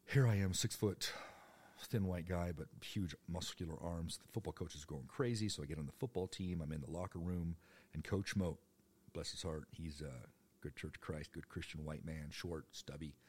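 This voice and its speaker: A man's voice: deep voice, moderate pace, darkish tone, a little hiss or hum. A man in his fifties telling stories from his youth in a rambling, joking way, with the odd swear. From United States. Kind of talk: personal storytelling monologue.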